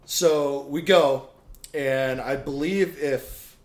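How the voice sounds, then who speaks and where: A man, a guest on a podcast, telling a racing story in a casual, animated way with some swearing. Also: fairly high pitch, very slow. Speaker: podcast guest, drift driver. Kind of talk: casual chat. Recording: roomy echo.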